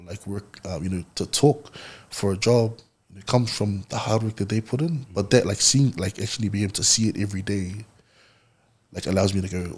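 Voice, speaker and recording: Man, husky, lowish voice, relaxed storyteller, podcast guest. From New Zealand. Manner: relaxed, storytelling, laughs often. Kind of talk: casual conversation.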